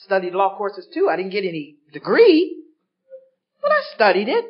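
A woman's voice: mid-range voice, moderate pace. A woman speaking at a recovery workshop, telling her story to a live audience and acting out the voices of people in it. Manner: animated, acts out voices in her stories. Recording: dull lo-fi recording.

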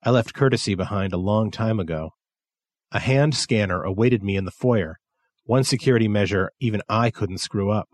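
A man narrating a science fiction story in a measured, steady reading style. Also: fairly low pitch, dry recording, studio quality. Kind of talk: scripted narration.

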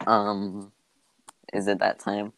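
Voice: deep voice, monotone, takes it slowly, fairly bright tone, no echo, low-quality recording. A voice actor co-hosting a podcast in casual chat, playful and jokey.

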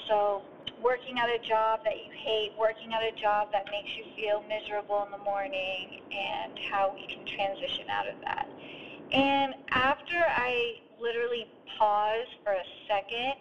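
A woman hosting a podcast, telling an earnest, heartfelt story in a voice note recorded while driving. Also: on the high side. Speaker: podcast host and coach. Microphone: phone voice note. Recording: dull lo-fi phone memo with faint road noise. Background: faint driving sounds.

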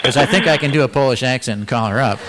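A man's voice: mid-range voice, rapid-fire, a bit bright, slight background noise. A man hosting a radio talk show, joking and teasing his guests with dry banter into a studio microphone. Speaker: host.

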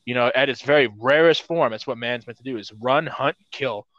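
A man's voice: medium pitch, brisk, fairly bright tone, no room sound. Guy in his 20s on a podcast, swears a lot, acts out the quotes, kinda muffled dry audio. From Midwestern United States. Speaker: podcast co-host. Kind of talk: casual chat. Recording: dull, lo-fi dry sound.

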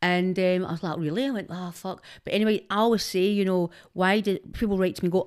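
A woman's voice: on the low side, fairly even intonation, fast, hardly any pauses, a little mellow, smooth. A Glaswegian woman in casual chat as a podcast guest, chatty, self-mocking and full of swearing. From Scotland. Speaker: social media personality, podcast guest.

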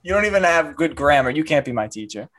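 A man's voice: fairly high pitch, expressive, fast talker, very noisy. Teasing man bantering with friends. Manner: teasing, argumentative. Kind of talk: casual banter.

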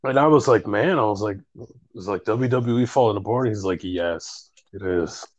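A young man with a fairly low voice chats casually and relives his stories by acting out who said what, cursing and laughing freely. He is recorded close up in a dead, dry space with no room sound. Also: normal speed, no room sound, highs cut off. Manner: retells stories with lots of reported dialogue, swears, laughs often. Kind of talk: casual chat.

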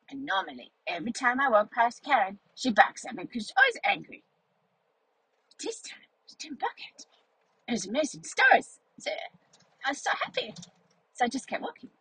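A woman as a chatty, breathy schnauzer dog. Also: fairly high pitch, a bit bright, no echo, full character voice, poor audio. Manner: childlike, rambling and playful. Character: cheerful chatty young female schnauzer dog. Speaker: vlog narrator in character. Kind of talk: storytelling in character.

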